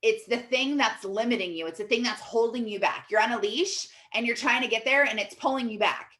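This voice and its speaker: A woman in her thirties coaching in a chatty, casual teaching talk, animated storytelling full of fillers. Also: on the high side, a little fast. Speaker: life coach.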